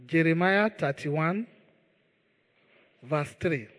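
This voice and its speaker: A man's voice: a little high, very slow, a bit bright, long reverb tail. A man preaching a sermon as pastor. He speaks with emphasis, repeats key words and leads the congregation in prayer.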